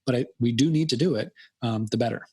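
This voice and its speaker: A man's voice: medium pitch, fast talker, slightly rough. An American man talking as a podcast guest in a casual, long-winded way, acting out imagined quotes. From United States. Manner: animated, acts out quoted voices, long-winded. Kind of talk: casual conversational interview. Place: Fairfield County, Connecticut.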